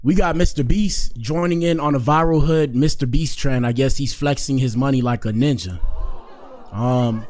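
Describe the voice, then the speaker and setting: Hosting a live stream, this man offers laid-back, rambling commentary full of slang and filler words. His voice is medium-pitched and a little dark, at a normal speed.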